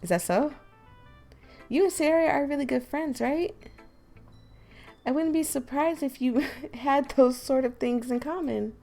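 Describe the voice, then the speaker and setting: A woman voicing a poised, gentle teen girl who leads a school club, speaking softly and sweetly. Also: high voice, unhurried, vocal fry, long pauses, soft background music, pitched above the performer's own voice. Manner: soft, sweet and friendly. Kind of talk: voice acting a visual novel.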